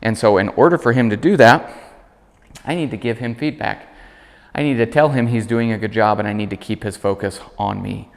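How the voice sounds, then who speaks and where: A man working as a dog trainer, calmly explaining commands while demonstrating them with his dog. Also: fairly quick, vocal fry, long reverb tail. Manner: calm explaining, high praise voice for dog. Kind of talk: instructional demonstration.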